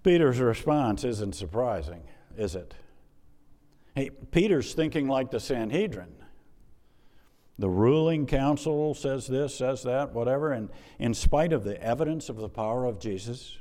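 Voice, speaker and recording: A male pastor preaching a sermon in an animated, conversational way, with emphatic repetition and joking asides. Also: mid-range voice, a little slow, big-room sound.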